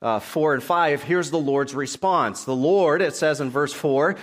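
A man's voice: on the high side, unhurried. Man preaching a sermon. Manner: expository preaching, reading scripture aloud and explaining it. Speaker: pastor.

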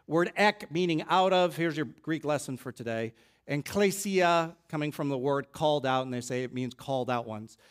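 A man's voice: on the high side, moderate pace, clean tone. A man preaching a sermon as pastor, teaching in a conversational way with restarts and side remarks, now and then rising into emphatic peaks.

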